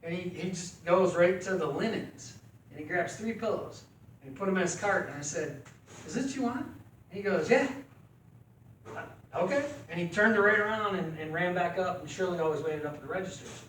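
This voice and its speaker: A middle-aged man telling an animated, folksy story at a club meeting. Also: high-pitched, fairly quick. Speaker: club member. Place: meeting room. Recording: echoey room from far off, faint noise.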